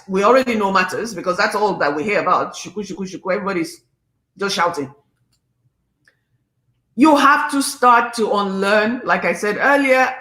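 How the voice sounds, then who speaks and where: A woman's voice: medium pitch, fairly bright tone, reverberant. Passionate Nigerian woman in her fifties. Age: 50s. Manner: passionate, emphatic, preachy. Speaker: livestream host. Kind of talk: casual livestream talk.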